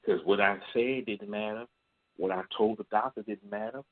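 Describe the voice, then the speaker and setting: Lowish-voiced guy calling in, blunt and cussing, tinny phone sound. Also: fairly even intonation, normal speed. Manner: blunt, profane storytelling, acts out quoted voices. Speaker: caller. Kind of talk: call-in confession.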